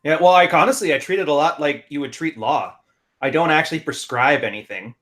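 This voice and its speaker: A man with a Canadian accent co-hosting a casual podcast chat, telling stories briskly and laughing often. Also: a little high, fairly bright tone. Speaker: podcast co-host and relationship consultant.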